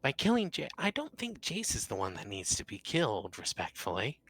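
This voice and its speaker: A man voicing a calm, dry-humored man with polite, measured speech. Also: medium pitch, slightly rough, pitched above the performer's own voice, heavily acted. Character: calm, wry adult man, a martial artist.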